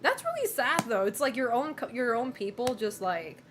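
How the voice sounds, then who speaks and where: A woman streamer chats casually at a moderate pace, her fairly high voice swinging widely in pitch against background noise. She rambles, swears freely, says hello to viewers, and frequently laughs.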